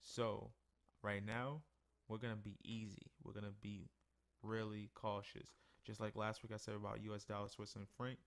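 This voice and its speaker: This forex analyst speaks with a lowish, creaky voice at a moderate pace while reviewing his charts on a casual screen-share. Sleepy and worn out, he yawns between points in a laid-back, chatty weekly market rundown.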